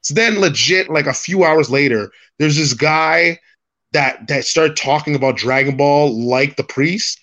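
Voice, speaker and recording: A man with a slightly high, bright voice chatting on a podcast. He rambles through his stories, restarting often and swearing casually. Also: a little slow. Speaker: podcast co-host. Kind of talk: casual chat.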